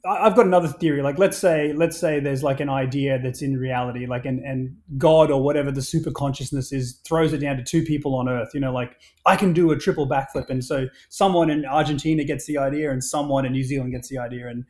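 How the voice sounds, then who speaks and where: A man telling stories in a casual podcast chat, energetic, swearing freely and restarting often. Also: mid-range voice, fast, few pauses.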